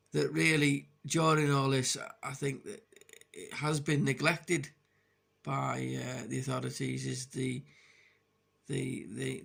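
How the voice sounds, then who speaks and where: A man records a personal video diary in a heavily gravelly, creaky voice. He speaks frankly and hesitantly, with many restarts and fillers, and his pitch sits at an ordinary middle height. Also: fairly bright tone. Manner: frank, open about struggling. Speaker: vlogger.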